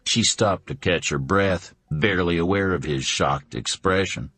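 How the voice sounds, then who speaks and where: A man with a very low voice reads a suspense audiobook in a measured, dramatic way. The recording is close and completely dry. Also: fairly bright tone, dry recording. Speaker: audiobook narrator. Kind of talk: scripted narration.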